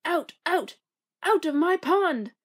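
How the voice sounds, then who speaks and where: A woman voicing a fussy male duck who guards his quiet pond, speaking in a firm, emphatic way during a picture book read-aloud. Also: a little high, slow pace. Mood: indignant. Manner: loud, indignant and firm.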